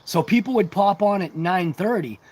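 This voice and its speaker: A man's voice: high voice, moderate pace, darkish tone, breathy edge. A man hosting a casual hobby livestream, chatting to viewers in a rambling, talkative, self-deprecating way. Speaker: RC hobby channel host.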